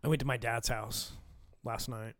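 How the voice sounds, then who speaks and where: A man's voice: mid-range voice, fairly even intonation, normal speed, fairly bright tone, no room sound. A man co-hosting a podcast, chatting casually with dry jokes and frequent laughter. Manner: dry joking, laughs often. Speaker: podcast co-host. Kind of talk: casual chat.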